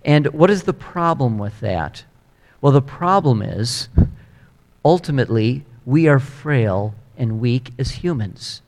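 A man preaching a sermon, telling a story with animated emphasis. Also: medium pitch, slow. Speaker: pastor. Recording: echoey hall.

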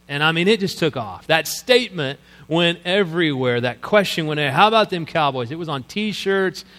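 A man's voice: mid-range voice, fairly bright tone. A middle-aged man preaching a sermon as a pastor, telling stories in a loose, conversational way and laughing at his own anecdotes. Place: church sanctuary. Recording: live hall with long reverb and mains hum.

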